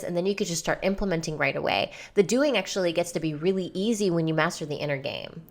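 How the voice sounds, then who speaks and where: A woman's voice: fairly low pitch, expressive, fairly quick. A woman hosting her own podcast, talking candidly and loosely in a rambling monologue, swearing freely. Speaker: podcast host and coach. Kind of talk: casual solo podcast monologue.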